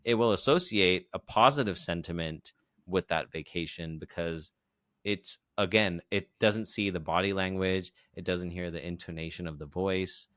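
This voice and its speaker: A man's voice: low voice, moderate pace, fairly bright tone, no echo, studio quality. A man co-hosting a podcast, explaining ideas patiently in a casual chat, often checking in with "right?" and "you know". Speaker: podcast co-host.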